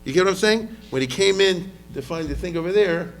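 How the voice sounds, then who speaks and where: A man's voice: high-pitched, lively intonation, fairly quick, faint music behind. A man lecturing on history as a rabbi, talking casually, often asking the audience questions and mixing in Hebrew words.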